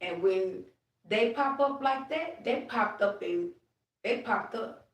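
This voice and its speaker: A woman chatting casually to her viewers during a livestream, animated, and now and then speaking to her late grandfather. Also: mid-range voice, slow, recorded from a distance. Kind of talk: casual live chat. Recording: roomy, off-mic phone audio.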